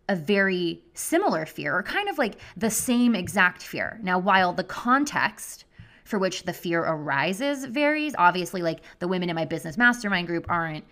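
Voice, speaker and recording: A woman's voice: on the low side, fairly bright tone. A woman hosting her own podcast as a health coach, talking in a chatty, effusive way full of "like" fillers. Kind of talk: casual solo podcast talk.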